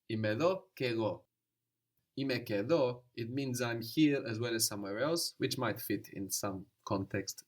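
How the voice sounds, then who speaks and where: A man's voice: mid-range voice, normal speed. A man teaching a language lesson, patiently explaining and prompting his student.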